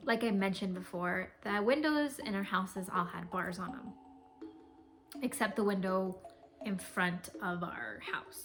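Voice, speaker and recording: Bright-voiced young woman telling spooky tales. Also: medium pitch, measured pace, faint music behind. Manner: rambling, filler-heavy, animated. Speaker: co-host. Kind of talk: casual spooky storytelling.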